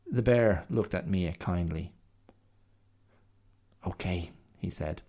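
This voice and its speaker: Slow, gravelly male storyteller. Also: low voice. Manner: gentle, unhurried reading. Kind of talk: storybook narration.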